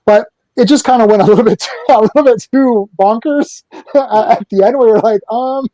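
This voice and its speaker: Rambling man with a mellow, dry voice. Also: extremely high pitch, moderate pace, no room sound. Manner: rambling, hesitant, lots of fillers. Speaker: podcast co-host. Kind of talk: casual film discussion.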